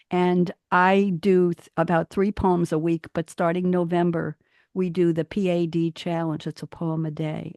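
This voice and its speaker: A woman hosting a radio talk show, chatting casually and reading her own poems aloud, her pitch climbing on emphatic phrases. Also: creaky, darkish tone, no echo, studio quality. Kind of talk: casual chat and poetry reading.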